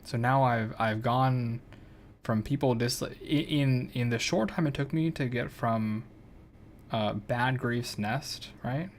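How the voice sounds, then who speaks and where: A man's voice: mid-range voice, slow, slight background noise. A man streaming a game, chatting casually in a rambling, self-correcting way. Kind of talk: casual gameplay chat.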